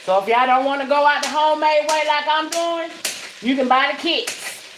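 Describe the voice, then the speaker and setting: High-voiced chatty woman cooking. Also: normal speed, noisy background. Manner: chatty, salty-tongued, talks straight to viewers. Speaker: home cook vlogger. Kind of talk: casual cooking vlog. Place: home kitchen. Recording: echoey kitchen with frying sizzle.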